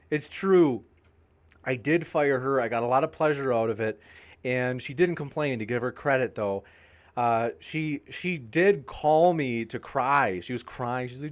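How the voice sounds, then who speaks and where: A man hosting a debate channel, reading live chat shoutouts with jokey, playful banter and growing tired. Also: medium pitch, measured pace. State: tiring, sipping water.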